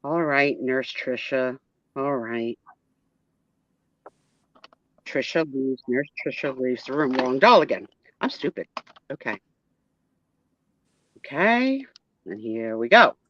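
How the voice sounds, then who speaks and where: A woman's voice: a bass voice, animated, slow, long pauses. Chatty woman host, dull lo-fi sound. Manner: chatty, self-mocking asides. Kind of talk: playful doll storytelling on a live stream.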